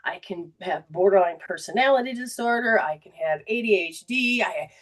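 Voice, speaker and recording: A woman's voice: medium pitch, lively intonation, normal speed. A woman hosting a livestreamed spiritual talk as a metaphysical teacher, rambling and repeating herself and acting out the voices she quotes. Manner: rambling, repetitive phrasing, acts out quoted voices. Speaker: metaphysical teacher and show host.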